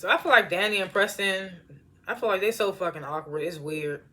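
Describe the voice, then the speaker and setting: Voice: medium pitch, bright, forceful tone. A reviewer giving a casual, blunt episode recap, laughing often and acting out the characters' lines. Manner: acts out characters' lines with quick voice changes.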